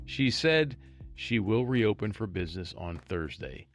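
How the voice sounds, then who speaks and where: Guy with a lowish voice reading out a small-town news story, joking asides, soft music under it. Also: very animated, measured pace. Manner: wry, chatty asides. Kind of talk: reading a local news story aloud with commentary.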